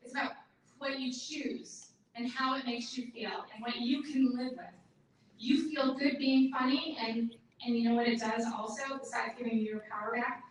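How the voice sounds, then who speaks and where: Woman, workshop presenter, high bright voice, animated, very echoey room, distant mic. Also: normal speed, slight background noise. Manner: animated, acts out her mother's lines in a higher voice. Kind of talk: live workshop talk to an audience.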